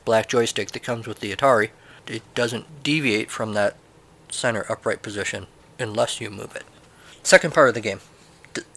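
Bright-voiced man with wry asides. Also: lowish voice. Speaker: retro game reviewer. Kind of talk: reading a game manual aloud with commentary.

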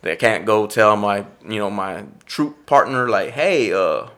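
A man's voice: fairly low pitch, measured pace. A man from East Austin, Texas, a stand-up comedian and actor, telling stories in a casual interview and acting out past conversations. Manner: animated storyteller who acts out past conversations.

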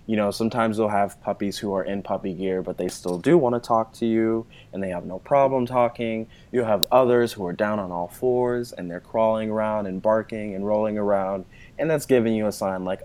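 A man's voice: on the low side, a little fast, darkish tone. A man talking at length as an interview guest, with a casual, explanatory manner full of "you know" fillers.

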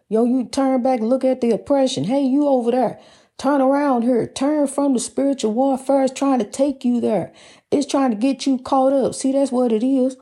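A woman's voice: fairly high pitch, mellow, breathy edge. A woman hosting a faith talk program, telling folksy stories and calling the listener honey. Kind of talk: casual preaching talk.

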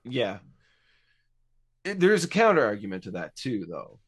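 A man's voice: mid-range voice, huge pitch swings, a little slow, husky. Easygoing man chatting on a podcast. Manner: easygoing, laughs along, steers the talk. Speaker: podcast co-host. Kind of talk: casual podcast chat.

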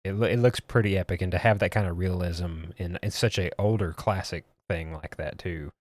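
Male podcast co-host, deep voice, laid-back hesitant delivery, dry studio. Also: fairly quick, no room sound. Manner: easygoing, hesitant with fillers. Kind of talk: casual chat.

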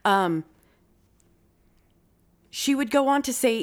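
Woman, podcast host, true-crime chat, swears casually, quick bursts, mid pitch.

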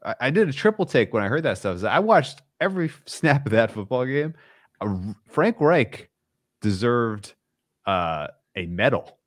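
A man co-hosting a casual sports betting show, rambling and relaxed with filler words. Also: mid-range voice, no echo, studio quality. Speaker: podcast co-host.

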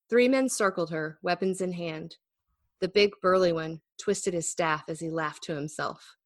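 A woman with a somewhat low voice, talking about her writing in an easy, self-deprecating way and reading her own fantasy chapter aloud. The sound is dry and close, with no room around it. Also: no echo. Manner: chatty, laughs easily, self-deprecating. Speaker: author and guest. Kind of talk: casual interview chat and book reading.

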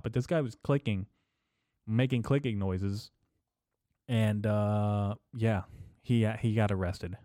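Brief: male podcast host, low register, dry mic, loose profane comic rambling. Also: normal speed, mellow, no echo. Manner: profane, loose and jokey, lots of fillers.

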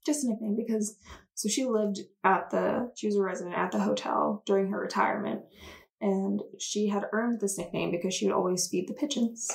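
Gravelly-voiced chatty woman podcaster. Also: mid-range voice, fairly quick, rough recording. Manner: chatty, enthusiastic storyteller. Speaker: podcast co-host. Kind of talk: casual chat.

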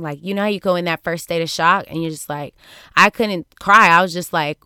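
A woman's voice: deep voice, steady tone, fast talker, bright, forceful tone, clean tone, dry recording, clean studio sound. A woman podcast host telling a personal story in a casual monologue, acting out the voices she quotes and laughing often. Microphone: studio microphone.

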